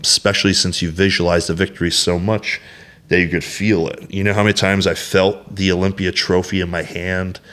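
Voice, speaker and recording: Deep-voiced man telling a blunt, profane story. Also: fairly bright tone. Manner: blunt and heavily profane, acts out quoted dialogue; rambling with frequent fillers like "you know" and "like". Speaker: podcast guest, competitive bodybuilder. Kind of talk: candid casual interview storytelling.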